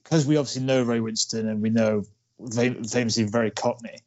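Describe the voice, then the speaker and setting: A man's voice: mid-range voice, steady tone, fairly quick, darkish tone, dull audio. A man on a podcast, reflective and easygoing as he discusses a film.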